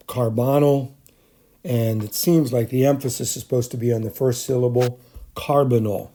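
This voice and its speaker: Speaking unscripted with plenty of ums and self-corrections, a middle-aged man teaches chemistry over a recorded screencast. The tone is warm and mellow, pitched in an ordinary male middle range.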